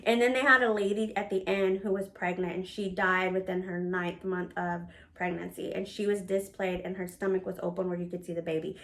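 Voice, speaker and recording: A woman in her thirties casually telling a personal story in a candid, animated way, with plenty of swearing. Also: on the low side, a little fast, few pauses. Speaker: storyteller recounting work life.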